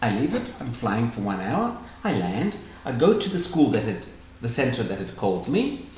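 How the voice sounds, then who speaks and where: In a storytelling talk answering questions, a man with a medium-pitched voice speaks at normal speed and acts out quoted dialogue in other voices with animation. The room is echoey, with slight background noise.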